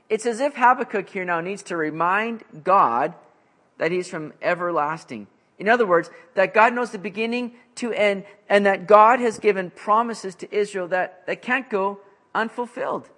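A high-pitched male pastor works through scripture in an expository sermon. His delivery is casual and animated, with a conversational feel and plenty of fillers. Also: normal speed.

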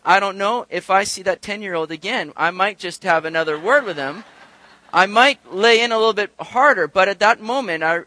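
A man's voice: sits high, pushed and bright, no echo. A male pastor preaching a sermon in a conversational way, telling a personal story and asking rhetorical questions.

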